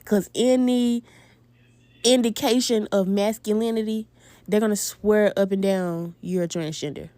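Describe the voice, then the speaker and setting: A woman telling a dating story to her viewers in a casual storytime vlog, animated and laughing as she talks straight to them. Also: mid-range voice, unhurried, dry recording.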